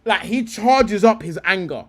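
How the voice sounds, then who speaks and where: A young man hosting a casual live stream, reacting to clips in excited, laughing bursts and swearing freely. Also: high-pitched, a little slow.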